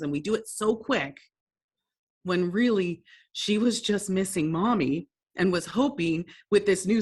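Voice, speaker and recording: A woman's voice: fairly low pitch, slightly rough. A woman presenting a workshop lesson, telling stories in a conversational, self-deprecating way and laughing often.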